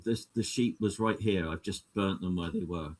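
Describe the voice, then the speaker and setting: A man voicing a plain-spoken farmhand who halts and fills with ums. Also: low-pitched. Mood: matter-of-fact. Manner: halting, full of fillers.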